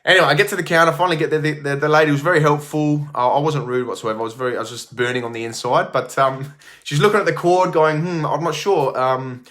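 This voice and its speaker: Gym owner, middle-aged man, slightly high voice, rambly casual storytelling full of ums and restarts. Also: fast, a bit bright. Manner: rambling, many fillers and restarts.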